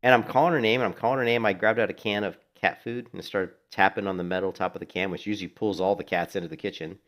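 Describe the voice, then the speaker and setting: This middle-aged man talks casually over a game he's streaming from home in Florida, rambling through stories in a relaxed way and cursing freely. His voice is lowish and a bit bright, holding a steady tone at a fast pace.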